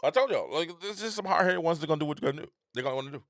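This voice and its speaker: A middle-aged man, hosting a casual opinion monologue with an animated, repetitive, preacher-like cadence. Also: a little high, rapid-fire, no room sound, studio quality. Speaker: host.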